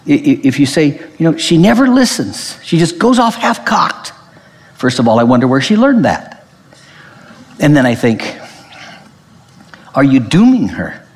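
A man preaching a sermon in an emphatic, animated way, often restarting his phrases. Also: fairly high pitch, big-room sound. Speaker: pastor.

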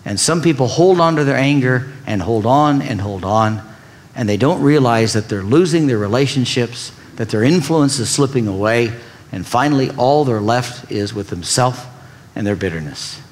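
A man's voice: mid-range voice, lively intonation, moderate pace. A middle-aged man preaching a sermon, acting out quoted lines as he teaches from the pulpit. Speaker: pastor.

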